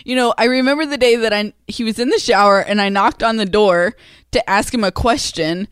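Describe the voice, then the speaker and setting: A woman co-hosting a podcast in casual chat, gushing and quick to laugh. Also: fairly high pitch, a bit bright, clear, resonant tone, no room sound, clean studio sound. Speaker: podcast co-host, mother.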